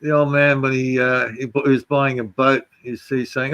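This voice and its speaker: A man's voice: mid-range voice, level tone, moderate pace, a bit bright, clean tone, dry recording. A man with an Australian accent who grew up speaking German, telling blunt, swearing stories in casual chat on a home computer mic. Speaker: chat participant.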